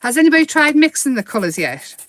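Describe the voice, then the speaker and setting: A woman hosting a casual live craft demo, chatty and quick to giggle as she paints. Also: high-pitched, sing-song, no room sound.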